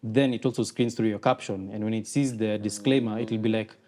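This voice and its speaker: A Kenyan man, a comedian and content creator, chatting casually as a podcast guest and breaking into animated quoted voices. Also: on the low side, fairly quick. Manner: animated, acts out quotes in raised voices, mixes in Swahili. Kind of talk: casual conversation.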